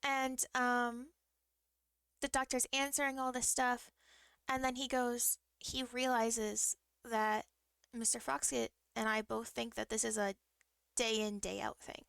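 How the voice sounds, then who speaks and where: A woman's voice: on the high side, little pitch movement, measured pace, creaky, fairly bright tone, clear, resonant tone, no room sound. A woman streamer chatting casually as she tells a personal story, with frequent ums and bursts of laughter.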